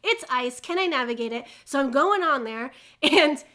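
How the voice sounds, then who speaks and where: A young woman giving a casual spiritual teaching talk, an animated storyteller who laughs often and acts out little voices. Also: sits high, moderate pace. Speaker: host.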